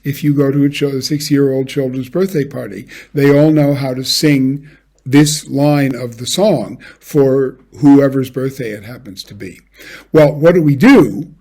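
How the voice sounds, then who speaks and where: A man giving a measured academic lecture, now and then singing short examples. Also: mid-range voice, steady tone, vocal fry, mellow. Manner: measured, with brief sung examples. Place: home office, recorded for an online lecture.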